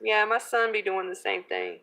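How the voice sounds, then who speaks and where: A woman in her thirties casually chatting while she crafts, rambling off on tangents, laughing at herself and clearing her throat. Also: mid-range voice, big pitch swings, normal speed, pushed and bright, rough recording. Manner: rambling, self-deprecating, laughs often. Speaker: craft video host.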